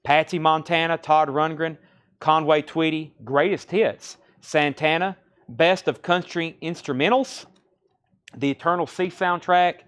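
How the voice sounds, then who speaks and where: A man from Tennessee with a Southern accent, hosting a live record sale and briskly calling out titles, prices and buyers. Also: a little high, fairly even intonation, fairly bright tone, smooth. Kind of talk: live-stream sales patter.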